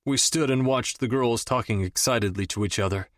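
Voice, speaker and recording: A man reading a first-person romance audiobook with steady, understated storytelling. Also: on the low side, normal speed, hardly any pauses, no echo, studio quality. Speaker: audiobook narrator.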